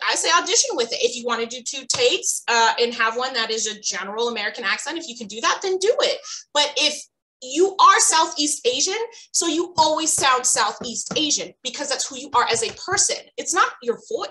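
A woman's voice: sits high, bright, forceful tone, rough recording. A woman co-hosting a panel on a video call, talking earnestly and animatedly, often restarting her sentences. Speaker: co-host of a panel discussion.

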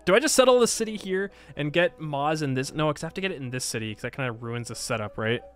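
A man's voice: on the high side, animated, quick pace, faint music behind. A man playing a strategy game and thinking aloud in casual commentary, often sighing and laughing at himself. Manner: thinks aloud, frustrated and self-mocking, frequent sighs and laughs. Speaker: gaming YouTuber. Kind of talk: casual Let's Play commentary.

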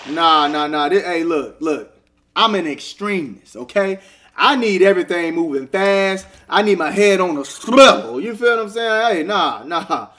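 A young man giving excitable, casual commentary while playing a video game and talking back to the characters. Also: sits high, moderate pace. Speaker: gaming streamer. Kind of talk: casual let's-play commentary.

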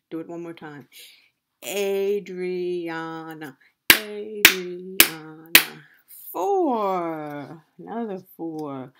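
A woman teacher speaks to young children at a very slow, deliberate pace, stretching each word into its syllables. Her voice sits a little low, and a loud steady hiss runs under the whole recording. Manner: slow, drawn-out syllable-by-syllable repeating of names, encouraging. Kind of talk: online class lesson for young children. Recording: loud steady background noise with clicks.

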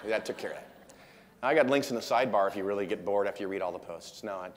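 A man's voice: lowish voice, fast. A man giving a casual, jokey conference talk, acting out quotes from an anecdote. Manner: chatty, jokey, acts out quotes. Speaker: conference speaker. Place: large conference hall. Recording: long hall reverb.

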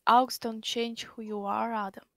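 High dry lady reading a scientist girl, flat and halting. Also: no echo. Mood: subdued.

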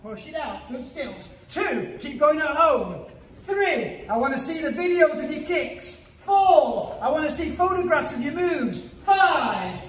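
A man's voice: extremely high pitch, lively intonation, unhurried, a little hiss or hum. A man, a martial arts instructor, teaching a children's class to camera in an upbeat, playful way, counting drills and joking. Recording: echoey hall, far from the mic.

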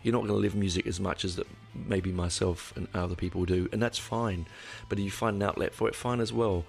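A man's voice: low voice, fairly even intonation, brisk, gravelly, faint music behind. A man hosting a casual solo podcast, rambling along with frequent restarts and the odd swear word. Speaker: podcast host.

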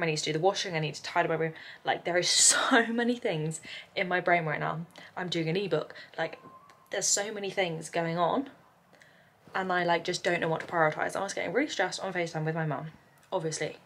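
A young woman from England vlogs at home in a casual, rambling way, sounding tired and overwhelmed. Her voice sits on the low side with a steady, fairly bright tone, and she talks a little fast in run-on lists packed with "like." There's a little hiss or hum on the recording.

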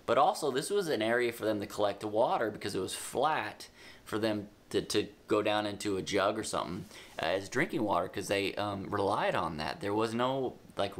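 A man leads a children's Bible lesson in a low, gravelly voice. He retells the story with casual asides and animated emphasis. He slows right down when he wants the kids to write notes. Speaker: children's ministry teacher.

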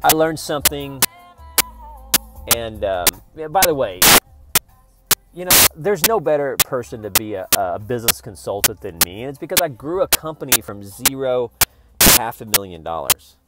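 A man rambling in a casual vlog, swearing often and swinging between loud outbursts and low mumbles. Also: big pitch swings, moderate pace. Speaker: vlogger. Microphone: phone camera. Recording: music playing in the background.

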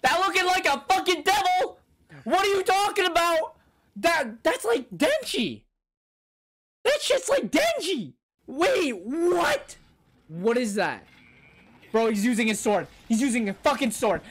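A man hosting an anime reaction, his pitch swinging wildly between low mutters and yelps. He talks slowly and drawn out, swears freely and calls out to the characters as if they could hear him. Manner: excitable, swears a lot, bursts into shouts and gasps. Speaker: anime reaction channel host. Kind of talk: live reaction commentary.

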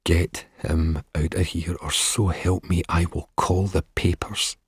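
A man voicing a frightened wife who speaks in a breathy whisper in an audiobook. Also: low-pitched, level tone, slow, no room sound, clean studio sound, heavily acted. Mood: whispered threat.

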